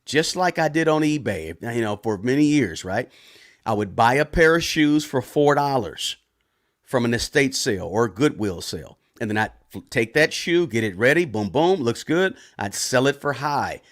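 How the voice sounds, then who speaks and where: Loud-talking male finance channel host. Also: mid-range voice, expressive, normal speed. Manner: talks loud, tag questions, frequent restarts. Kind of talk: casual live Q&A commentary.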